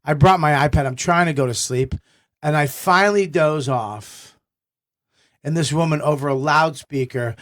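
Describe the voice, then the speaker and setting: A middle-aged man, a comedian telling stories on a talk show, excitable and swearing a lot. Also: a little high, normal speed. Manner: excitable, swears a lot, shouts in quoted outbursts. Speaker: guest comedian. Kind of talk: animated storytelling chat.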